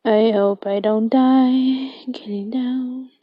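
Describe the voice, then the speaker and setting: Slow, soft-spoken young woman gamer. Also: on the high side, steady tone, dry recording, highs cut off. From Minnesota, USA. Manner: soft-spoken, often drops to a whisper, reads game text aloud. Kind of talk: casual gameplay commentary.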